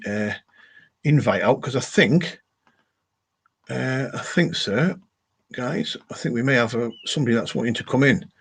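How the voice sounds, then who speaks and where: British male live-stream host, relaxed chat, reads viewer comments on air. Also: medium pitch. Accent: British English. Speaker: livestream host.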